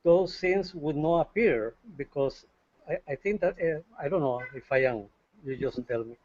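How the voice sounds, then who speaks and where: Soft, hesitant man asking a question. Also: on the high side, animated, moderate pace, no echo, muffled recording. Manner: tentative, soft-spoken, unsure. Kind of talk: hesitant question in a spiritual dialogue.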